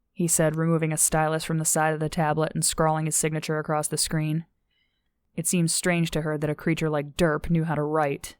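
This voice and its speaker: A woman reading an audiobook in a steady, measured narration. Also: low voice, smooth, no echo, studio quality.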